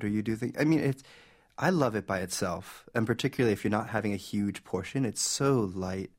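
Casting: male food editor guest, lowish voice, warm explainer with fillers. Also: brisk. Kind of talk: radio interview.

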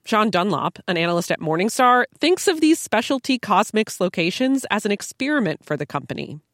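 A woman radio reporter delivering a scripted news story in a crisp, expressive way. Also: medium pitch, fairly quick, no echo, clean studio sound.

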